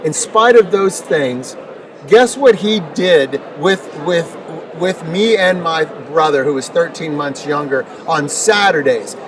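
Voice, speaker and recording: Taking it slowly, a middle-aged man in an interview tells personal stories with emphasis, repeating words and piling up rhetorical questions. His voice is fairly high and expressive, and the distant mic adds noticeable noise.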